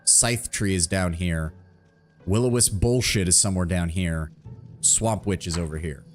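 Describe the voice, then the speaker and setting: A man streaming a game, chatting casually with viewers, excitable and profane. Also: deep voice, a little slow, soft background music. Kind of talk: casual gameplay commentary.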